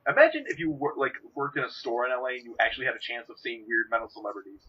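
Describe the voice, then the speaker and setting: Husky young man riffing on a lo-fi podcast. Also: medium pitch, expressive, very fast. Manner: jokey, rambling, puts on silly voices. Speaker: podcast co-host. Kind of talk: casual banter. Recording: dull lo-fi home mic.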